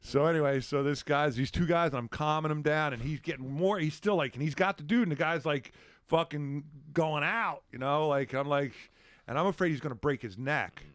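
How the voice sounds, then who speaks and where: A middle-aged man telling a story on a podcast in a casual way. He swears freely and acts out the shouts and quotes of the people in it. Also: fairly high pitch, normal speed, dry recording, studio quality.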